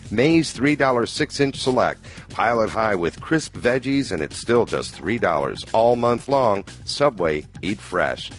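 Deep-voiced radio traffic reporter. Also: male voice.

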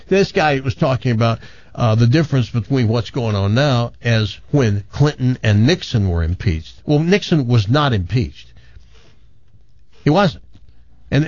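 A man's voice: mid-range voice, a little mellow, no room sound, highs cut off. A man hosting a talk radio show, chatting opinionatedly with his co-hosts and taking callers. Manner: opinionated, chatty, self-correcting. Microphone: studio microphone.

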